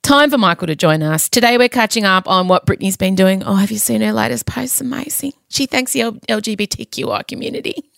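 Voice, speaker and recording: A woman's voice: mid-range voice, lively intonation, brisk, vocal fry, a bit bright, no room sound, studio quality. A woman in her forties hosting a podcast in casual chat, candid, swearing freely and often getting emotional. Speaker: podcast host. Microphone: studio microphone.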